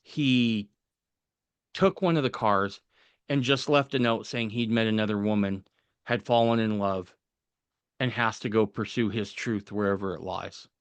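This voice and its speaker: A man on a podcast telling a personal story in a casual, animated way, acting out the voices of people he quotes. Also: lowish voice, measured pace, clean tone, no echo.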